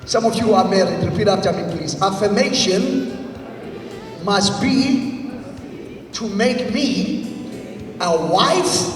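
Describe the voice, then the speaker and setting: High-voiced man in echoey hall. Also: slow pace, long pauses. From South Africa. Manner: emphatic, drills the audience with repeat-after-me lines. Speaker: motivational speaker. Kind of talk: motivational leadership seminar talk. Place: large congress hall. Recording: echoey hall, voice from far off, faint music.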